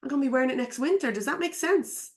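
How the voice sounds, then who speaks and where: A woman's voice: high-pitched, expressive, fast talker. An Irish woman giving a live coaching webinar from her computer at home, chatty and frank, laughing often and swearing casually. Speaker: business coach.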